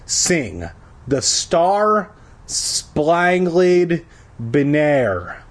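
A man's voice: a little high, sing-song, drawn-out words, voice pushed up, full character voice. A man voicing a nasty bullying boy with a taunting, sneering manner.

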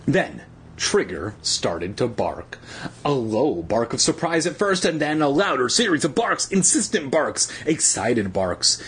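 A man's voice: medium pitch, sing-song, unhurried, fairly bright tone, a little hiss or hum. A man reading a children's story aloud, dropping irreverent, crude joking asides. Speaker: reader. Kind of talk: comedic storybook read-aloud.

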